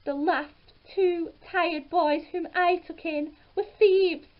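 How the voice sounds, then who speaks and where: A woman voicing a stern, middle-aged ogre's wife who refuses and scolds in sharp, high cries in a storybook reading. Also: steady tone, slow, muffled recording. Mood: refusing.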